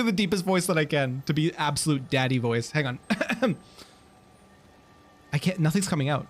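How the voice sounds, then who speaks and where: A man streaming video games live, commenting excitably, swearing often and laughing a lot. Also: a little high, normal speed, pauses often. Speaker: game streamer.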